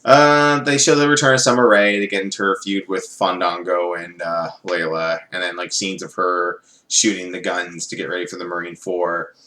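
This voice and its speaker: A man's voice: sits low, level tone, normal speed, hardly any pauses, pushed and bright. A man reviewing a TV show in a casual video, rambling and sarcastic, with many fillers.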